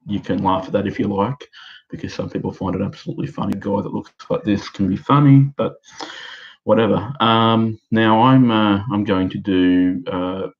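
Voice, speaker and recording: A man's voice: on the low side, normal speed, highs cut off. A man in his thirties with an Australian accent, an amateur stand-up comedian rambling self-deprecatingly on a live stream from his own house, with many fillers. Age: 30s.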